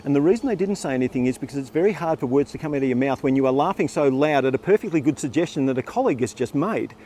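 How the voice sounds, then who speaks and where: A man in his sixties, a former teacher telling a personal story in a playful, animated way. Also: mid-range voice, racing, slight background noise.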